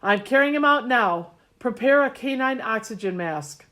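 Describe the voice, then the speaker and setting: A steady male fire captain gives his reports in a calm, matter-of-fact voice, as a woman narrator puts him on. The tone stays level and firm in this storybook reading. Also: fairly high pitch, moderate pace.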